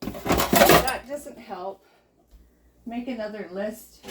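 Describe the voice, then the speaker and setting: A woman's voice: medium pitch, slow pace, long pauses, heavy background noise. A middle-aged woman chatting casually and encouragingly while she cleans at home, laughing often. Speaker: cleaning vlogger. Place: home kitchen at the sink. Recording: loud dishes and running water. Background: clattering dishes, pots and running water.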